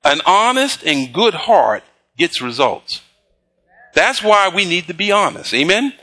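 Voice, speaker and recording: A man preaching a sermon, reading scripture slowly and pausing to prompt the congregation with call-and-response questions. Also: high voice, sing-song, pushed and bright. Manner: slow emphatic scripture reading. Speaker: pastor.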